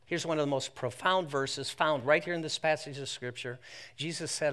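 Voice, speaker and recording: A man preaching a sermon in a bright, ringing voice that sits high for a man. He tells the story in an animated way and jumps into playful voices for the people in it. He also jokes with the congregation as he goes. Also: moderate pace. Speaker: pastor. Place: church service held in an athletic center.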